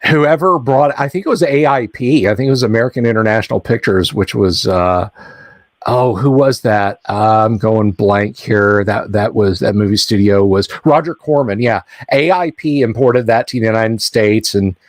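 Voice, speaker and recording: A man's voice: on the low side, normal speed, no room sound. A middle-aged man hosting a casual live stream, rambling with many fillers and restarts. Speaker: stream host.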